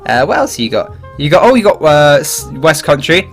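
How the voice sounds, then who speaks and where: A young Englishman with a fairly high voice rambles through his gameplay commentary, his accent sitting between the Midlands and the South. He jokes and laughs often as he talks. Faint music plays underneath him. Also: expressive, normal speed, fairly bright tone. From England. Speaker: gaming YouTuber.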